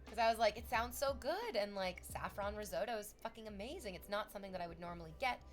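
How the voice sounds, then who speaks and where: Animated young woman streamer chatting. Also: medium pitch, fast, soft background music. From Canada. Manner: animated storytelling, acts out voices. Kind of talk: casual chat to stream viewers.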